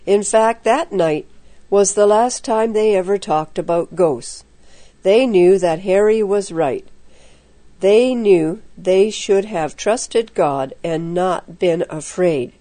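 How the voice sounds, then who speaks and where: A woman reading a children's story aloud with even, moralizing narration. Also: mid-range voice, slow.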